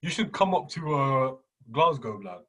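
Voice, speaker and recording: Young guy cohosting a podcast, breathy voice, slangy, keeps repeating himself. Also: medium pitch, very animated, measured pace, bright, forceful tone. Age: young adult. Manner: slangy, laughs often, repeats words. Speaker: podcast co-host. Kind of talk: casual chat.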